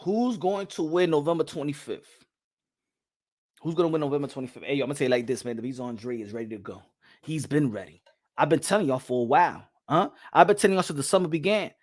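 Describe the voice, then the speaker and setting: A boxing commentator with a fairly high voice talks fast and casually about the sport. He's animated and repetitive, hyping up and teasing his viewers.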